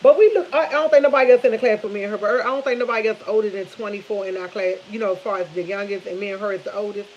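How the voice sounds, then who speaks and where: A woman's voice: mid-range voice, rapid-fire, hardly any pauses, muffled recording, slight background noise. A woman in her fifties chatting casually to viewers from her kitchen while cooking, telling stories with lots of animation. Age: 50s. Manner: chatty, animated storytelling with laughs, addresses viewers as y'all. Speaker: vlogger. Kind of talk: casual chat.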